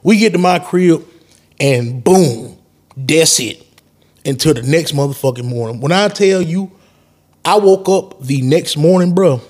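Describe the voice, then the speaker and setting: A young man hosting a podcast and telling a story in casual chat, animated and profane, his voice jumping up when he quotes himself. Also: a little high. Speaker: podcast host.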